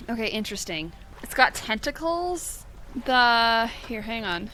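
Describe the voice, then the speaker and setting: A young woman chatting casually through a video game, thinking aloud, reacting with quick startled remarks, and reading the game's text aloud. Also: on the high side, big pitch swings, sharp tone, slight background noise. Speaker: gaming channel host.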